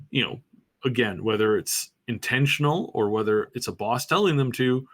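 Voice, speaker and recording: Rambling man on a casual podcast. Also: fairly low pitch. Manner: rambling and animated, with frequent restarts and fillers. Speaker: podcast host.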